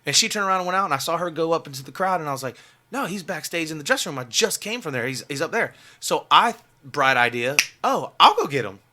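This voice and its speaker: A young male musician chats as a podcast guest, racing through his story with a bright, forward tone. His talk rambles and tumbles over itself, stacked with filler words, and sits somewhat high for a man. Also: expressive, quick pace. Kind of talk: casual storytelling in a podcast interview.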